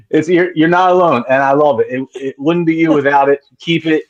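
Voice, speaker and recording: A man in a rock band with a Delaware County, Pennsylvania accent, chatting casually, excitable and swearing, saying dude a lot. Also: fairly high pitch. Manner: profane, excitable, says dude. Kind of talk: casual chat.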